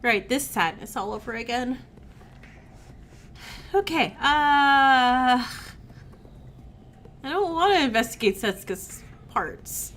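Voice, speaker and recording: A woman's voice: on the high side, sing-song, unhurried, long pauses, fairly bright tone, slight background noise. A woman streamer with a sick-sounding voice, chatting casually and reading game text aloud as she plays. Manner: chatty, reacts with sighs and groans between read lines. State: recovering from illness, sick-sounding voice. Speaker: let's play streamer.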